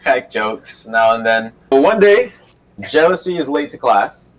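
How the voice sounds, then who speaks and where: A man's voice: mid-range voice, big pitch swings, measured pace, low-quality recording. A man, a friend of the host, telling a school story casually with some hesitations.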